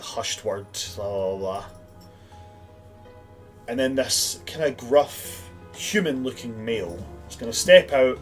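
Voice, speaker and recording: A man narrating a tabletop fantasy game as its game master. He rambles easily, with plenty of fillers and restarts, and sits in the middle of the usual male pitch.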